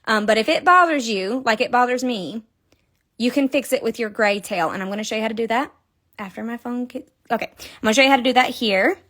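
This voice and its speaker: A woman's voice: on the high side, fairly quick, a bit bright. A young woman hosting a casual live crochet tutorial, chatty, counting stitches aloud and laughing often. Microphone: phone.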